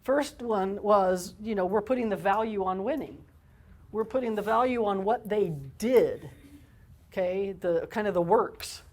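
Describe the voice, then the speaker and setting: Slow, conversational woman counselor. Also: medium pitch, a little mellow. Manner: conversational, frequent "okay?" check-ins. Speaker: counselor and parent trainer. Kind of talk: parenting workshop talk.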